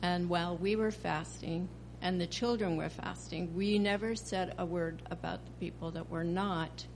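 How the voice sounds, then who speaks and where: A woman from the congregation asks the priest a question, speaking in a measured, hesitant way with pauses. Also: lowish voice, fairly even intonation, a little hiss or hum. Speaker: parishioner asking a question. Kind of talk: casual question.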